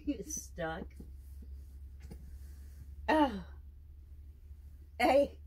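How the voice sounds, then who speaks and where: A woman in her seventies at home, talking to her pet snake in a high, sing-song baby-talk voice and laughing often. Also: lively intonation, slow, pauses often, darkish tone, slight background noise. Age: 70s. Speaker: snake owner. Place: indoors at home.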